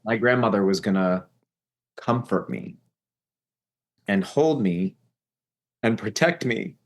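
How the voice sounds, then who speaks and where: A man's voice: animated, slow. Man recounting his story with rising intensity. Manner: earnest, voice rising high when reliving the shouting. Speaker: guest telling his life story. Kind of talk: emotional personal storytelling.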